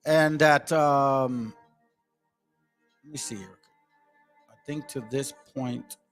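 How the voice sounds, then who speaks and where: A man's voice: medium pitch, fairly even intonation, takes it slowly, soft background music. A man giving casual, rambling commentary on clips, talking conversationally with lots of fillers.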